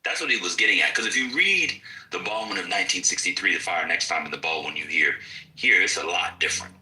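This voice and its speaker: A man's voice: sits low, lively intonation, quick pace, pushed and bright. A man hosting a casual podcast chat, rambling and lecturing with many fillers. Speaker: podcast host. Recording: voice distant from mic.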